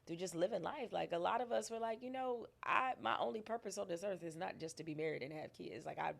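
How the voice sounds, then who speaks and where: Low gravelly woman, candid guest. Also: quick pace, darkish tone. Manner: candid, emphatic, laughs often. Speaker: podcast guest. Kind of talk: casual interview conversation.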